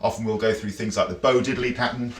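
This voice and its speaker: A man's voice: lowish voice, steady tone, fast talker, loud music behind the voice. Chatty man teaching drums. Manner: chatty, counts and scats rhythms aloud. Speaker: drum teacher. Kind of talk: casual instructional talk. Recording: roomy echo.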